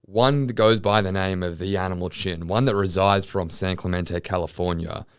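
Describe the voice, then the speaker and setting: A man co-hosting a podcast, laid-back and agreeable, with quick jokes. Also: sits low, steady tone, clear, resonant tone, no room sound, clean studio sound. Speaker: podcast co-host. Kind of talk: casual podcast chat.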